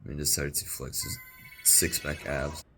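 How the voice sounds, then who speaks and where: A young man giving casual reaction commentary, excitable and rambling, with slangy exclamations, recorded on an earbud mic. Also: very deep voice, normal speed, music in the background. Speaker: reaction video host. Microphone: wireless earbud mic.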